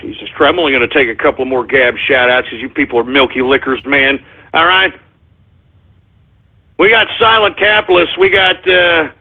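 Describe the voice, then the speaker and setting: A man hosting a live radio show, reading listener shout-outs and ranting at them in exasperation, often yelling at them to shut up. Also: high-pitched. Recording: tinny phone-like lo-fi audio.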